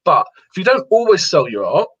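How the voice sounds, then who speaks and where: A man's voice: sits high, huge pitch swings, fairly quick, fairly bright tone, slightly rough. A man, a guest watercolourist, talking earnestly and repeating himself to encourage others in a casual interview. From England. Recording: lo-fi sound.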